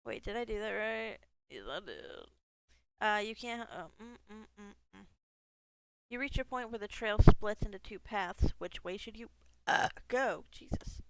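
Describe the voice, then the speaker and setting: A woman's voice: medium pitch, expressive, measured pace, slight background noise, rough recording. A woman gaming streamer reading a text game aloud, breaking off into casual asides, swearing freely and laughing at herself.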